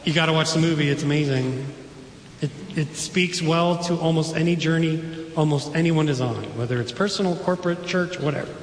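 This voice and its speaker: A man's voice: on the high side, fairly quick, a little hiss or hum. A man preaching a sermon as pastor, in a casual, enthusiastic way with chatty asides. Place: church sanctuary. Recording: echoey church hall.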